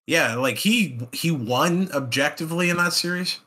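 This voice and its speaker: Here the podcast co-host is a young man whose voice is a little high and sharp-toned. Laughing often, he cracks jokes, curses, and puts on brief silly voices.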